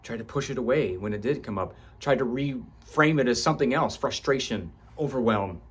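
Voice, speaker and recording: A husky-voiced man of middle age delivers an intense self-help talk straight to his listeners. He swears freely for emphasis and keeps a middling pitch. As the talk heats up, his voice climbs and gets louder and more urgent. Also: animated, normal speed. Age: 38 or older. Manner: intense, swears for emphasis, voice rising as he grows fervent. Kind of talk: passionate motivational monologue.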